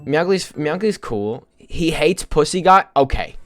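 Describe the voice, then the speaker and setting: A man's voice: fairly high pitch, animated, a little slow, a bit bright, soft background music. A male streamer chatting casually with his viewers, rambling, joking, swearing and poking fun at himself. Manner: rambling, joking, profane, self-mocking.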